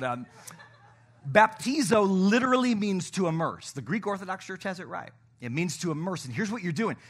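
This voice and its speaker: A male pastor preaching to his congregation in an energetic, playful, coaxing manner. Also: on the high side. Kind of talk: sermon. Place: church stage.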